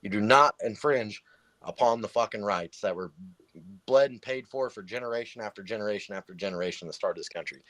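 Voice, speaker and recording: A man with a rather low voice tells a story at a podcast table, heated and full of swearing. The sound is dry, with no room echo. He is somewhere in his thirties or forties. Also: brisk, fairly bright tone. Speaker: guest telling a personal story. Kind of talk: casual podcast chat.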